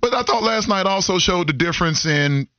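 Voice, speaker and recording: A man's voice: high voice, brisk, dry recording, lo-fi sound. Laid-back sports radio co-host, a man. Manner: relaxed, friendly, opinionated. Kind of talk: casual sports radio talk.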